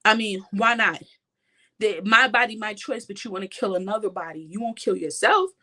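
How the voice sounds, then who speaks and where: A woman's voice: mid-range voice, moderate pace, pushed and bright. A young woman vlogger giving an impassioned personal testimony, talking straight to her viewers. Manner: impassioned, addresses viewers directly.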